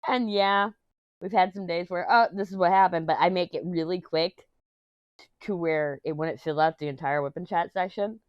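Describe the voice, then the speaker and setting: A woman's voice: on the low side, normal speed, clean tone, no echo, lo-fi sound. A woman vlogging from her home office, talking in a rambling, chatty way while getting over an illness that has left her throat sore. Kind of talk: casual chat.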